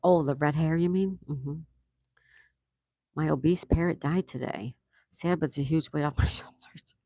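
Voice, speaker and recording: A man's voice: fairly high pitch, normal speed, creaky, dark tone, no room sound. A man hosting a casual livestream, reading viewer comments aloud and reacting with easy laughs. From United States. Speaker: livestream host reading chat. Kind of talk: casual live chat.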